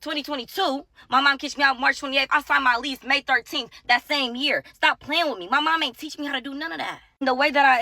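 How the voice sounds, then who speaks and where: A woman's voice: high voice, bright, forceful tone, dry recording. A young woman from Ohio telling a blunt, profane storytime in a casual monologue. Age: young adult. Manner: profane, blunt, fast-talking.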